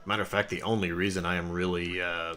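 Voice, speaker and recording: A man's voice: sits low, flat delivery, fast, pushed and bright. A young man casually commenting on his gameplay and explaining game mechanics. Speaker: let's play host. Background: game music.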